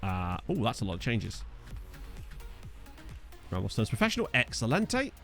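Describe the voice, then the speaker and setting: Here the young Essex streamer sounds lowish and gravelly, with a sing-song lilt at normal speed and soft music underneath. He chats away in his Essex accent while playing a football management game, reading chat aloud and cracking jokes.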